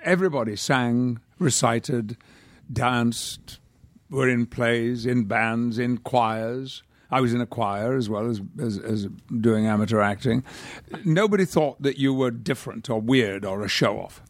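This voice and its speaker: An older man from the north of England, a guest actor telling anecdotes in a measured, articulate and wry manner. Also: medium pitch, no echo. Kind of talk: anecdotal interview storytelling.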